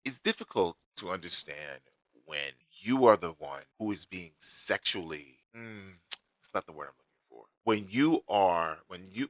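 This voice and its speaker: Deep, blunt man telling his story. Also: a bit bright, no room sound, low-quality recording. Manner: blunt, emphatic, recounting events step by step. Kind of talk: personal storytelling monologue.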